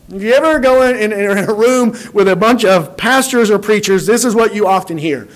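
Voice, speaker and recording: Male preacher, sermon delivery, higher voice, lively and given to repeating himself. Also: brisk, few pauses. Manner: animated, acts out quoted dialogue, repeats words when starting.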